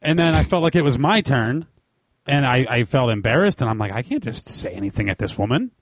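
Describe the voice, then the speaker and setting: A man co-hosting a podcast, telling a story in a casual, animated way with plenty of swearing. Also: medium pitch, fairly quick, no room sound. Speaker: podcast co-host.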